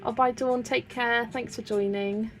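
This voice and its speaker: A woman's voice: fairly high pitch, steady tone, measured pace, fairly bright tone, faint music behind. A young British woman with a British accent, chatting casually and giggling while she colours on a livestream and reads out viewer comments. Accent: British English. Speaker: colouring channel host.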